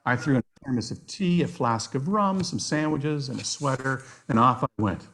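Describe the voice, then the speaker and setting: A man presenting an online workshop on nature activities, enthusiastic and given to animated storytelling. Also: mid-range voice, normal speed. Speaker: outdoor educator, workshop presenter.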